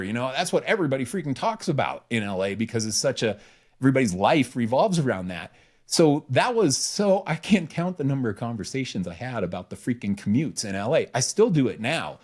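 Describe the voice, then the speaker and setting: A man co-hosting a podcast, giving casual business advice, informal and lively, acting out bits of small talk. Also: brisk. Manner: animated, acts out quoted small talk with pitch jumps; informal, says "freaking", repeats phrases. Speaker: podcast co-host.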